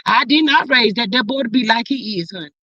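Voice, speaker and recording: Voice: mid-range voice, brisk, no echo, close to an everyday voice. A performer voicing a defensive, folksy older mother who rambles and calls everyone honey, chatting in character on a livestream. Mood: protesting. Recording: slightly muffled dry livestream audio.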